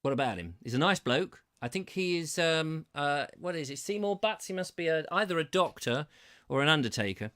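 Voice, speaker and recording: A man's voice: fairly high pitch, animated, a little fast, bright, forceful tone. A man from England hosting a live-streamed comedy talk show from his home, chatting and rambling as he reads viewer comments and stumbles playfully through tongue twisters. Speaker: host. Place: terraced house.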